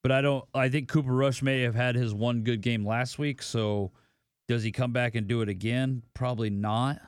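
A man hosting a casual sports betting podcast alone, ranting and swearing, swinging between loud outbursts and low mutters. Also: fairly even intonation, normal speed, smooth, no echo, clean studio sound. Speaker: podcast host.

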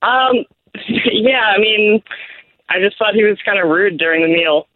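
A woman phones in to a radio show and talks on air, embarrassed and laughing nervously. Her mid-range voice is unhurried, and the tinny phone line carries no room sound.

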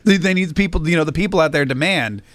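A man's voice: on the high side, fast, a bit bright, no room sound. A man hosting a morning radio show, joking casually and repeating the call-in number. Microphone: studio microphone.

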